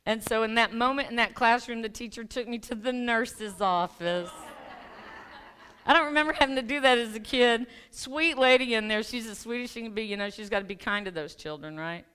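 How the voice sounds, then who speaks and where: In a clean, slightly bright voice pitched a little high, a woman speaks briskly to a church congregation. A life coach invited as guest speaker, she recounts a personal story in a chatty, self-deprecating sermon and laughs along with the people in the pews.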